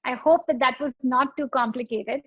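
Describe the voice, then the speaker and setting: A woman's voice: high-pitched, normal speed, lo-fi sound, a little hiss or hum. A woman yoga instructor guiding a breathing exercise, explaining patiently with analogies and demonstrations.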